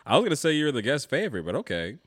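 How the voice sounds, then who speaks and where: A man's voice: mid-range voice, very animated, rapid-fire, dry recording, clean studio sound. A man hosting a casual podcast about comics, talking loosely and swearing freely. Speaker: podcast host.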